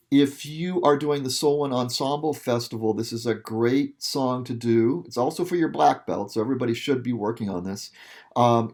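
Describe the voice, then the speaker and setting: A male music teacher explains a piece to students during an instrument lesson, casual and patient, often checking in with "okay". His voice is mid-range with a darkish tone.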